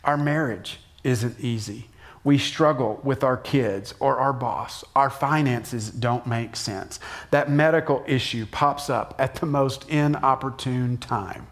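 A middle-aged man giving a conversational sermon as a pastor, dropping soft and low for emphasis and jumping up for acted shouts. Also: slow pace.

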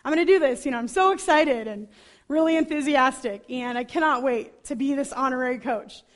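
High-voiced enthusiastic woman preacher. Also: brisk. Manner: enthusiastic storytelling; chatty, lively asides. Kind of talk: sermon.

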